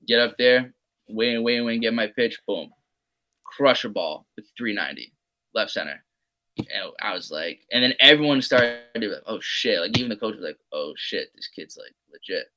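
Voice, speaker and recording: Bright-voiced young man telling stories. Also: normal speed, poor audio. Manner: loose and animated, drops into low mutters for quoted asides; swears freely, heavy use of "like" and "man". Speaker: podcast guest. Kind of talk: casual storytelling.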